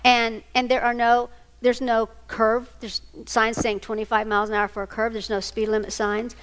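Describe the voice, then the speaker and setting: Woman speaker, middle-aged, higher voice, lively storyteller in a big reverberant hall. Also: normal speed, smooth. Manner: animated storyteller, acts out quoted voices. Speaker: speaker on single parenting. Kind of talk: storytelling talk to an audience.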